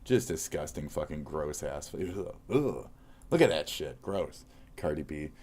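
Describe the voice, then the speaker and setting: A man's voice: rumbling low, expressive, measured pace, darkish tone. A man streaming live, reacting to posts with a profane, mocking rant.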